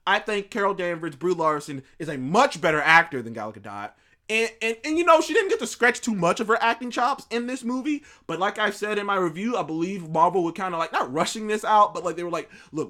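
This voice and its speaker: A man's voice: high-pitched, pushed and bright. A man hosting his own show, giving opinionated, profane movie commentary, ranting and repeating himself. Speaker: show host.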